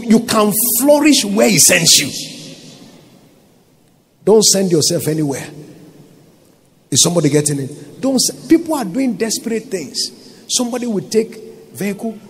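High-voiced Nigerian pastor preaching. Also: male voice, a little mellow, slight background noise. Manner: emphatic preaching, calls for audience response. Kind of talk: sermon.

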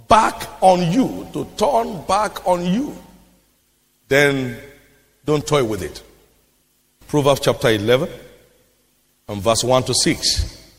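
A man preaches with a high, lively voice that swings widely in pitch. He repeats his lines for emphasis and climbs into shouted declarations. The sound carries a long reverb, as in a large hall. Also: slow pace, long pauses. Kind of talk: sermon.

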